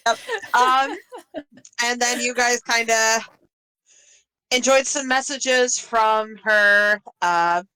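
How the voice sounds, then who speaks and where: A woman game master recapping the last session of a tabletop campaign in a relaxed way, laughing often between lines. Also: a little high, slow pace, long pauses, clean tone, poor audio.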